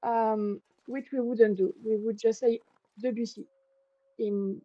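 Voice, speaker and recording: A woman with a French accent and French as her first language, tutoring casually and pausing to search for words. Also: fairly high pitch, steady tone, no room sound, muffled recording. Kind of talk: casual explaining.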